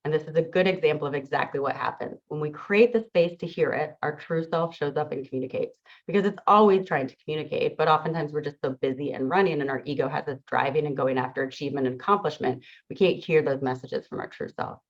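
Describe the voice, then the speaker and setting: A woman's voice: sits low, fast talker. A middle-aged woman, a teacher and coach, giving an earnest, reflective motivational talk to an audience. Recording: dull lo-fi sound.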